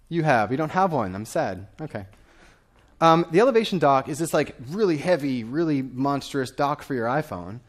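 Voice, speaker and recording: A man in his thirties giving a lively conference talk from a stage, often asking the audience questions. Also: fairly high pitch. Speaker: conference speaker.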